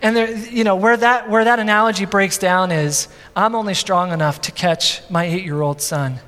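A man in his thirties preaching a sermon as pastor, animated, with many repeats and asides. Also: high voice, normal speed. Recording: long hall reverb.

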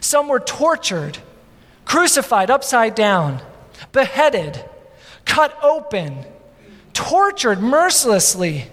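A man in his thirties preaching a sermon as pastor, animated, with many repeats and asides. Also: very high voice, slow, pauses often. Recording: long hall reverb.

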